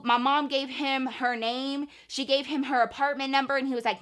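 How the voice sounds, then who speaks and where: Woman, vlogger, story time, high voice, bright tone, slangy and animated. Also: normal speed, hardly any pauses.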